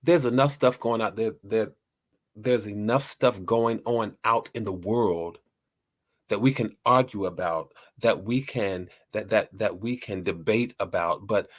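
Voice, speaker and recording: Lighthearted man with a low voice. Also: measured pace. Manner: lighthearted, rambling with frequent restarts and repeated words. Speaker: host. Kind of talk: casual talk to listeners.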